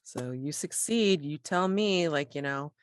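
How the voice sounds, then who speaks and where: A woman game master with a low voice narrates the scene at an unhurried pace. Her pitch rises and falls a lot as she describes, and the recording is dry and close. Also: expressive, no echo. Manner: descriptive, slow and measured narration.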